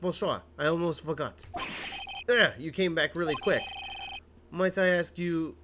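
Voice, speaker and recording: A man's voice: fairly high pitch, unhurried, background noise, pitched above the performer's own voice, lightly acted. Man doing a French-accented hotel bellboy. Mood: courteous. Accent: put-on French accent. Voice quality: loud and fussily formal. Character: polite adult male hotel bellboy. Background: game music.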